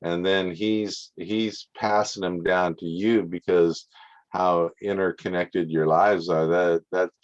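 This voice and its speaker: A man's voice: low-pitched, level tone, takes it slowly, lo-fi sound. A man interviewing a guest, reflecting back and summing up what she has just said. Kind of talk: interview questions.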